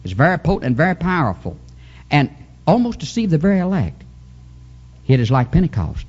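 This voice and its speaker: A man preaching a fervent Pentecostal revival sermon, swinging his pitch and chuckling as he goes. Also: sing-song, fairly quick, a little mellow, highs cut off. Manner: fervent, sing-song preaching with sudden pitch jumps and chuckles.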